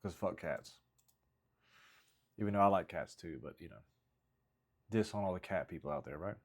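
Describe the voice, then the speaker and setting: A man comedian casually thinking out loud about his jokes, rambling with plenty of hesitant fillers. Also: low-pitched, expressive, fast talker. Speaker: stand-up comedian writing jokes. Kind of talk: casual vlog thinking aloud.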